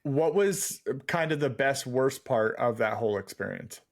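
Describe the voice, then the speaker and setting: A man's voice: medium pitch, lively intonation, moderate pace, vocal fry. A man hosting a podcast, asking questions in an easygoing, casual way. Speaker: podcast host. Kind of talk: casual interview chat.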